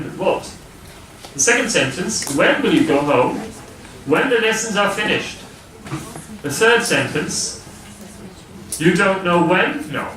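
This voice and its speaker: A man's voice: fairly high pitch, fairly bright tone. A man lecturing a class, explaining step by step and checking that students follow. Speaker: university lecturer. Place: lecture hall. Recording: distant voice in a noisy, echoey lecture hall.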